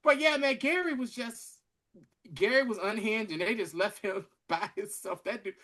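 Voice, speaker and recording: A man co-hosting a podcast, chatting casually as he recaps a TV episode in an animated, slangy storytelling way. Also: high-pitched, normal speed. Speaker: podcast co-host.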